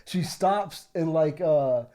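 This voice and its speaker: A young man in casual podcast chat, his voice a little higher than most men's but soft and mellow. He rambles, stacks fillers and swears freely as he tells a long story. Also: slow pace. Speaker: podcast co-host.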